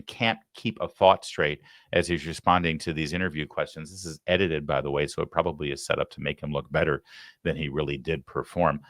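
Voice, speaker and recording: A man hosting a political commentary show, heated and sarcastic, swinging from loud outbursts to low muttering. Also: no room sound, clean studio sound. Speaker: host.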